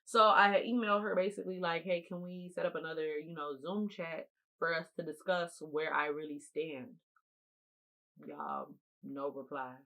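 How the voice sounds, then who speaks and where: A woman's voice: low-pitched, moderate pace, bright, forceful tone, poor audio. Emphatic young woman telling a storytime. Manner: emphatic, repeats phrases for stress, talks straight to viewers; eating while talking. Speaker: storytime vlogger. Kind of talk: casual storytime chat.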